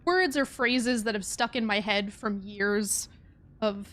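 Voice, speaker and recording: A woman's voice: mid-range voice, slow, a bit bright. A young woman streaming a puzzle game, chatting in a rambling way and laughing often. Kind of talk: casual let's-play chat.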